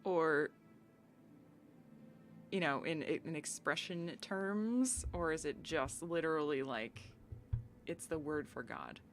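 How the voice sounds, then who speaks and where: This American woman speaks in a low voice, slowly and with frequent pauses, while chatting with her live-stream viewers. She's bubbly and giggly as she reads their messages out loud and plays off them, with game music faintly audible behind her.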